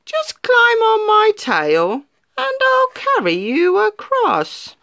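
A woman's voice: very high voice, huge pitch swings, slow pace, creaky, pushed and bright, no echo, pitched above the performer's own voice, exaggerated voice. A woman voicing a sly male fox who talks in a sweet, coaxing way.

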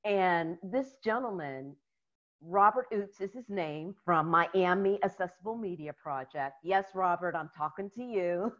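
A woman's voice: lowish voice, unhurried. American woman telling stories on a call, laughs a lot, kinda muffled sound. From United States. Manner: animated, laughs often while telling stories. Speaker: guest. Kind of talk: casual interview storytelling.

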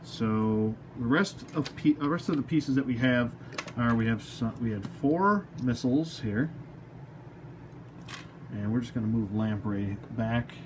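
A man's voice: mid-range voice, animated, normal speed, background noise. A man reviewing an action figure as he unboxes it, rambling and self-mocking, talking to the toy as he works.

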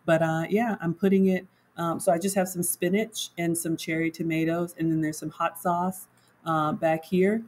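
A woman's voice: lowish voice, fairly even intonation, normal speed, darkish tone, rough recording. A woman home cook chatting casually on a livestream, walking viewers through her cooking and reading their comments aloud.

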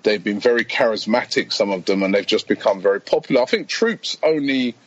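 In a casual podcast chat, the guest, founder of a fan channel, tells rambling stories packed with quotes and frequent laughter. His voice sits on the low side, a little fast with lively intonation, in lo-fi sound with slight background noise.

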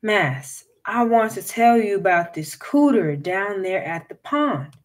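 A woman's voice: medium pitch, animated, slow pace. A woman reading a folktale aloud and voicing an earnest, eager enslaved man who talks too much.

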